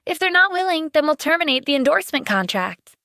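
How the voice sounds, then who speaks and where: A woman's voice: high-pitched, sing-song, fast, bright, forceful tone, no echo, clean studio sound, voice pushed up, exaggerated voice. A woman voicing a spoiled, arrogant celebrity influencer in an audio drama, speaking with haughty scorn. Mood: scornful. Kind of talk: audiobook character voice.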